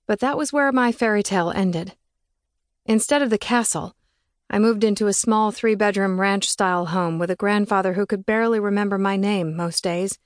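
A woman with a mid-pitched voice reads a first-person audiobook, earnest and reflective. The recording is dry and close, with no room sound. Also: no room sound. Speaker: audiobook narrator.

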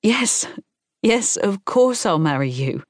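A lively young woman, teasing and reassuring by turns, put on by a woman narrating a novel. Her lines ride higher than the narration and sound dry and close. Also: moderate pace, husky, no echo, heavily acted. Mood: excited.

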